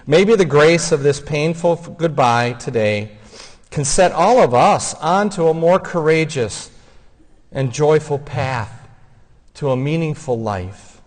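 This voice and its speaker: A man giving a funeral homily, speaking in a gentle, heartfelt storytelling way. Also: a little high. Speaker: homilist and son of the deceased. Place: church. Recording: long church reverb.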